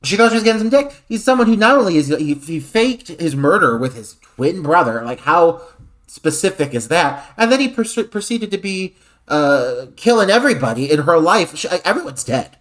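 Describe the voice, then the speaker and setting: A man co-hosts a podcast, picking apart a film with sarcastic, profane asides. His pitch rises and falls a lot as he talks. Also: big pitch swings, moderate pace, a bit bright. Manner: sarcastic and wry, swears freely. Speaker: podcast co-host. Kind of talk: casual film discussion.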